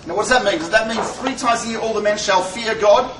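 High-voiced man lecturing in an echoey hall. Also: fast, distant mic, background noise. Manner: joking, full of rhetorical questions. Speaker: Torah teacher. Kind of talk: lecture to a live audience.

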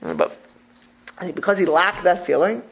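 A man teaches an informal Torah class in a high, gravelly voice. He is animated and stumbles through restarts, mixing Hebrew phrases into his English. The rasp of fry sits under his words. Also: fairly quick, noisy background.

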